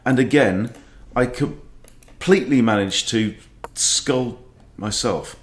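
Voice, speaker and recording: A middle-aged chess coach speaks slowly at a medium pitch as he gives self-mocking, exasperated live commentary on his own online games. He sighs as he goes, and the room echoes.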